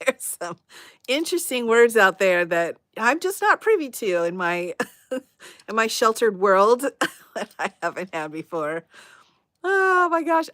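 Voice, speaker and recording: A woman chats casually on her livestream, laughing constantly and reacting to the chat. Her voice swoops up and down with lively, animated pitch. The sound is close and dry. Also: no echo. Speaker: livestream host.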